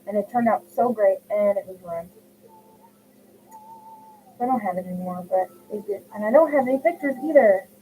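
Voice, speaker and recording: The speaker is a middle-aged crochet livestreamer who chats casually at home, reading viewer comments aloud and addressing people by name. Her voice is mellow and medium in pitch; the recording sounds tinny, like a phone, with faint hiss.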